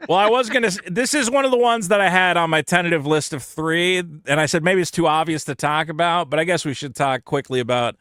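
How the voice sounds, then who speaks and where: Blunt, animated podcast guy. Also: a little high, a little fast, few pauses, no room sound, studio quality. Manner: animated, blunt, swears, mocks people in quoted rants. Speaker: podcast co-host. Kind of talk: casual card-game chat.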